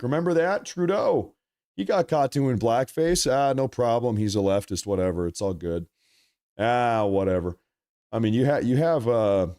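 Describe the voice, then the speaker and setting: A young man with a medium-pitched, slightly mellow voice hosts a political livestream, ranting in a heated, rambling manner and reading messages from the chat.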